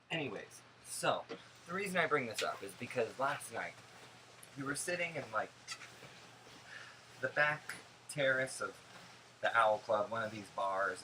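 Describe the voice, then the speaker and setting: A young man telling stories in a casual vlog, animated, gossipy and sarcastic. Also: lowish voice, noisy background. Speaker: vlogger.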